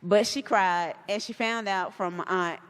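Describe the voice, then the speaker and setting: Woman guest speaker, casual and animated, lots of acted-out quotes, live in a large reverberant hall. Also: medium pitch, measured pace, clear, resonant tone. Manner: chatty and animated, acts out quoted voices. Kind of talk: casual talk to a live audience.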